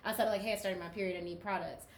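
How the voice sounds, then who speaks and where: A woman's voice: mid-range voice, rapid-fire, reverberant, a little hiss or hum. A woman co-hosting a podcast, telling stories and acting out the voices of others. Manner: animated storyteller who acts out quoted voices. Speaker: podcast co-host. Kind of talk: casual chat.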